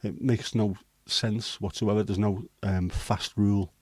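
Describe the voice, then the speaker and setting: On a casual livestream, a Liverpool-accented man from Liverpool, England reads out viewer comments and rambles on with hesitant banter, dropping the odd swear. His voice is on the low side, unhurried, with fairly even intonation and no echo.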